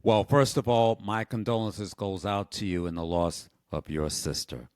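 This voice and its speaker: A man hosting a music podcast interview, speaking in a measured, deliberate way. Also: on the low side, steady tone, a little mellow, smooth, no echo, clean studio sound. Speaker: podcast host.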